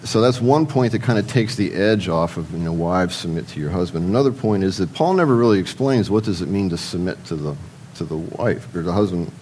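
A man's voice: lowish voice, animated, fairly quick, a little mellow, slight background noise, low-quality recording. A man preaching a sermon in a conversational way, posing rhetorical questions and answering them himself, and speaking directly to the men listening. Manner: addresses the men in the audience directly.

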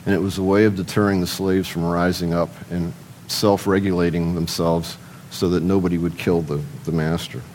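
Deep-voiced man preaching a conversational sermon. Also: little pitch movement, moderate pace, a little mellow, a little hiss or hum, poor audio. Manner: conversational, asks rhetorical questions and answers them; addresses the men in the audience directly.

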